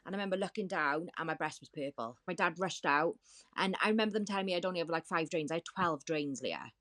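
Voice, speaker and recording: Female guest, low register; vivid, repetitive first-person storytelling. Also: fast, fairly bright tone. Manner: vivid, repetitive retelling with quoted dialogue. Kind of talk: personal storytelling in a podcast interview.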